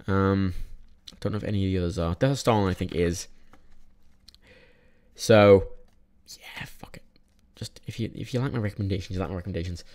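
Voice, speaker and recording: A man's voice: sits low, fast talker, pauses often, a little mellow. A young man casually reviewing films in a vlog, rambling with many restarts and frequent swearing. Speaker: film reviewer.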